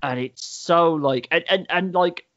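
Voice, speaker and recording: A man with a fairly bright voice on the high side recaps and reviews a TV show in casual chat, speaking at a measured pace on a lo-fi recording. He's a rambling storyteller, full of "like" fillers, and swears freely.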